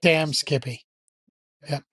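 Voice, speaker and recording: A man co-hosting a podcast in casual chat, joking and dry, with halting asides. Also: a little high, steady tone, a bit bright, slightly rough, no room sound. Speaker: podcast co-host.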